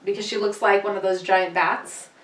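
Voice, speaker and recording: A woman appears as a guest in a casual chat, telling stories and offering tips with light laughter. Her mid-range voice has fairly even intonation and a moderate pace. She's recorded from a distance in an echoey room.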